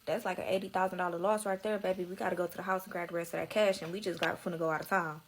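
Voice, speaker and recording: A woman's voice: fairly low pitch, fairly even intonation, racing, a little hiss or hum, poor audio. A young woman telling her own story in a slangy, emotional way, close to tears at times. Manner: slangy, tearful, dramatic retelling.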